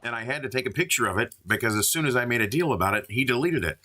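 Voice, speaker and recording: Over a noisy background, a man speaks quickly and expressively at a medium pitch. Streaming live from inside a store, he opens cards, names them aloud, and jokes around with his audience in an easygoing way.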